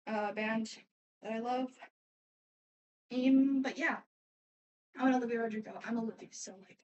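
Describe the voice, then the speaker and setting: A woman's voice: fairly high pitch, distant mic, a little hiss or hum, poor audio. A teenage girl answering fan questions in a casual, rambling way, often trailing off and restarting. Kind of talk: casual chat.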